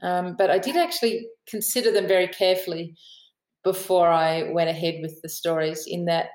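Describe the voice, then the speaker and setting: A podcast guest who writes books and about aviation shares stories in her Australian accent, chatting, laughing frequently and putting on the voices of people she quotes. Her voice is on the low side and darkish, at a moderate pace. The recording is low quality, in an echoey room.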